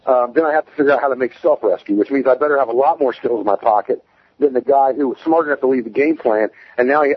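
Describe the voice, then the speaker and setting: A man's voice: medium pitch, breathy edge, no room sound, highs cut off. A man speaking as a guest in a casual interview, plain-spoken and emphatic as he explains survival skills.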